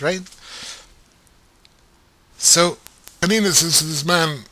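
A man teaching Torah in a lively way, asking his listeners rhetorical questions. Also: a little high, takes it slowly, pauses often, no room sound. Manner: animated, asks rhetorical questions.

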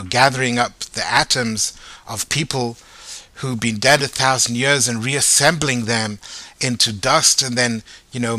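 A man teaching Torah in a lively way, asking his listeners rhetorical questions. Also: medium pitch, dry recording. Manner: animated, asks rhetorical questions.

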